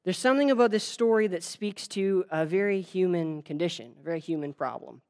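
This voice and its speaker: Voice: mid-range voice, expressive, brisk, darkish tone. Conversational preacher telling a story. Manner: conversational, many restarts and fillers; addresses the audience directly. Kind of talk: sermon with storytelling.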